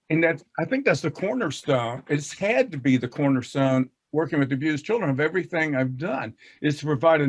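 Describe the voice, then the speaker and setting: On a muffled video call, a man with a Southern US accent and a voice on the high side leads a casual discussion about teaching reading. He's folksy and self-deprecating and laughs often.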